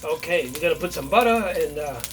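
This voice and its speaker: Speaking fairly quickly with a fairly high voice and lively intonation, a man chats through a casual home cooking demonstration step by step, repeating himself and saying okay a lot along with other fillers. The recording is noisy, with a sizzling pan and running water in his kitchen.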